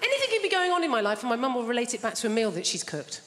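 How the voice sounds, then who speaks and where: A woman's voice: on the high side, very animated, very fast, crowd noise, background noise. A woman doing stand-up comedy in a theatre, chatty and teasing the audience. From England. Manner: chatty, teasing the audience, does her mum's voice. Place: large theatre stage. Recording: theatre reverb with loud audience.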